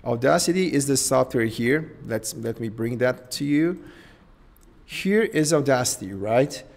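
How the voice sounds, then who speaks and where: Male host, Portuguese accent, unhurried live tutorial delivery, thinks aloud with frequent "okay?" check-ins. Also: mid-range voice, expressive, gravelly. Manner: thinks aloud, tags phrases with "okay?" and "right?". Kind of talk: live screen-share tutorial.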